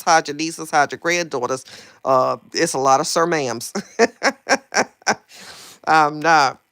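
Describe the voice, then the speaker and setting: Woman, sassy gossip host, dry close sound. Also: dry recording. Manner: sassy, animated, swings from loud to low asides. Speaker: livestream host. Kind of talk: casual gossip chat.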